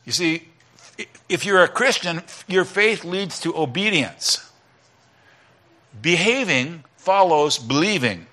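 A middle-aged male pastor giving a conversational sermon, swinging between loud emphatic lines and quiet asides. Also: a little high, expressive, takes it slowly, pauses often.

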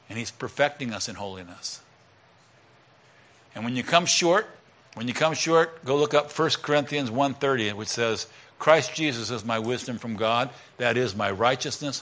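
A middle-aged male pastor giving a conversational sermon, swinging between loud emphatic lines and quiet asides. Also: medium pitch.

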